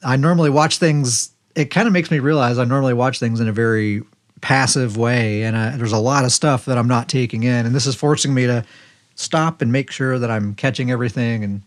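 Relaxed man recapping an episode. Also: mid-range voice. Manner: relaxed storytelling, retelling scenes with quick voiced quotes. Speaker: podcast co-host. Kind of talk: casual recap chat.

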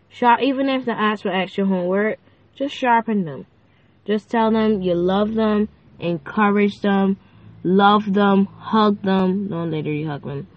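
A woman's voice: mid-range voice, a little slow, no room sound, muffled recording. A woman hosting a casual faith-based podcast, talking in a chatty, rambling way full of fillers and playful asides. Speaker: podcast host. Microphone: phone.

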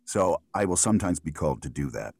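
Very deep-voiced American voiceover man. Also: big pitch swings, fairly quick, creaky, a little mellow, no echo. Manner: thoughtful, rambling answers with frequent restarts and fillers. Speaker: voiceover artist guest. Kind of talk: relaxed conversational interview.

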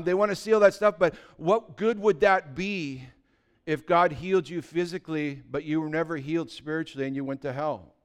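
A male pastor preaching with a smooth, resonant voice that sits a little high for a man. He drops into hushed asides, then builds to excited shouts. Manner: animated, swings from quiet asides to excited shouting. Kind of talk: sermon. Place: church sanctuary with congregation.

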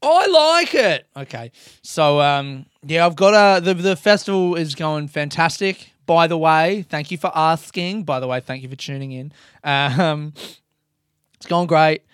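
A young man hosting his podcast in a casual, rambling monologue, excitable and swearing freely. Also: fairly high pitch, measured pace, clean tone, no echo, studio quality. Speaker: podcast host and comedian.

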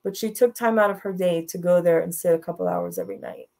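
A woman's voice: on the low side, quick pace, creaky, dark tone. A woman guest in an interview, telling a personal story in a frank, blunt way and laughing through the hard parts.

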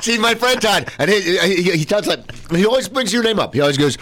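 A man hosting a casual talk show, rambling and stammering as he tells stories with excitement. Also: a little high, fast, no echo. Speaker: host. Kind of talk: casual chat.

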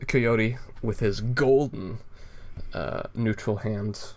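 A man's voice: on the low side, slow pace, a little mellow, slight background noise. A man co-hosting a casual podcast, rambling and laid-back, swearing and laughing often as he walks through a comic. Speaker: podcast co-host reviewing a comic. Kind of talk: casual chat.

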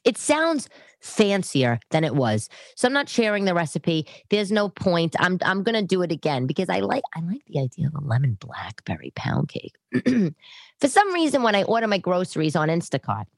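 A woman's voice: on the low side, big pitch swings, moderate pace, creaky, no room sound. A middle-aged woman hosting a podcast from her living room, talking in a chatty, rambling way that wanders off on tangents. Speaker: podcast host. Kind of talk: casual monologue.

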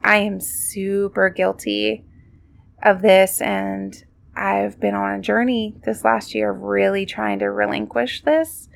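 Slow, gravelly-voiced woman musing. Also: mid-range voice, little pitch movement. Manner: conversational and reflective, many fillers like "like" and "um". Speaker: podcast host. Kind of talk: casual devotional talk.

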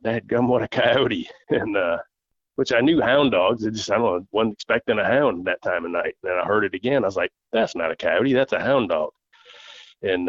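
A man's voice: fairly low pitch, no echo. A man, a podcast guest telling a long story in a folksy way and acting out other people's voices in it. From southern United States. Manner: folksy, acts out quoted voices. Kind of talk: casual storytelling. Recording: dull lo-fi dry audio.

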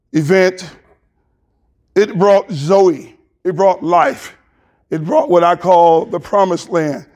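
A pastor in his sixties with a Southern US accent, preaching an animated, joking sermon straight to the congregation. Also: sits high. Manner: animated, jokey, talks to congregation.

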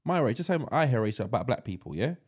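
An excitable man co-hosting a casual podcast, teasing his friend and stumbling over repeated words. His pitch swings up and down in lively bursts. He sits at an ordinary middle pitch for a man. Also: rapid-fire, husky. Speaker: podcast co-host. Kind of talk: casual chat.

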